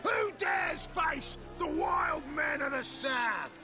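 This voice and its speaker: A loud, swaggering pit-fighter brother from a video game, hollering his boasts in a high, wildly swinging voice and drawing the words out slowly. He is crude and cocky, with game music playing behind him. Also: huge pitch swings, full character voice. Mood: boastful. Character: brash boastful male pit fighter, one of two brothers.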